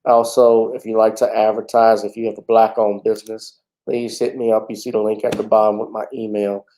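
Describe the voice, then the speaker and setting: A man's voice: fairly low pitch, flat delivery, fairly quick, mellow, poor audio. A man hosting a casual livestream talk show, chatting in a laid-back way with frequent fillers.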